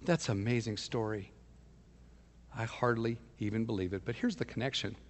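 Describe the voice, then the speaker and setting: A man preaching a sermon, telling stories emphatically and dropping to a hushed voice for intimate points. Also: lowish voice, normal speed, long reverb tail. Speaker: pastor.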